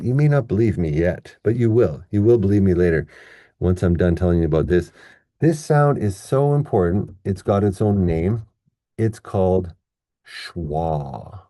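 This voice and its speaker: A man teaching pronunciation at a whiteboard, patient and playful, slowly drawing out example words. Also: lowish voice, warm tone, no echo, clean studio sound. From Canada.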